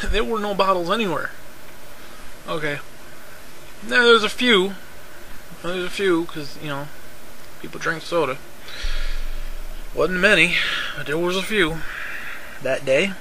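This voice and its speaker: A man with a high, bright voice tells a long personal story in a loose, conversational way. He rambles, swears casually, and often circles back to repeat himself. Short laughs break into his telling. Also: slow pace, long pauses, slight background noise, low-quality recording.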